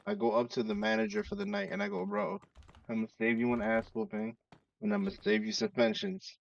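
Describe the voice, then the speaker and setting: A man spins a story among friends, acting out every quoted line. His voice is gravelly and swings up and down, a touch high. He sounds distant and dull, like a lo-fi mic across the room. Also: lively intonation, fairly quick. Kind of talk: casual chat.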